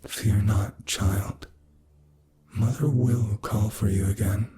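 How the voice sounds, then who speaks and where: A man's voice: fairly low pitch, steady tone, noisy background, voice pushed up. A man doing an eerie, ominous spirit girl. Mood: ominous calm. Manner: cold, measured and foreboding.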